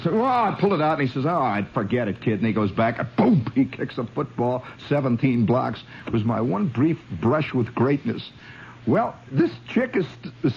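A man from Indiana telling a long story, animated and chuckling, with frequent asides to the listener. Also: on the high side, slight background noise, rough recording. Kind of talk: spoken storytelling monologue.

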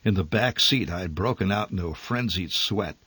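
Wry male story narrator, deeper voice, close and dry. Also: brisk, sharp tone, breathy edge, no room sound.

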